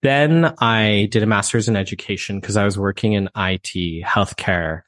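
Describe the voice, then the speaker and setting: A man from Canada speaks as a podcast guest with a fairly low voice. He is a voice teacher who talks in an expressive, thoughtful way with many fillers. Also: moderate pace. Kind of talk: conversational interview.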